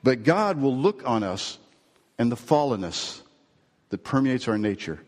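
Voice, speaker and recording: A man's voice: medium pitch, measured pace. Male pastor preaching in a reverberant hall. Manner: storytelling with lively quoted voices. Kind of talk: sermon.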